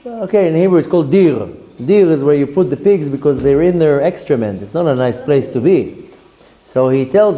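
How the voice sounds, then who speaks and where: A man's voice: a little high, expressive, normal speed, mellow. A man, a rabbi giving a Torah lesson as a story and acting out the characters' lines.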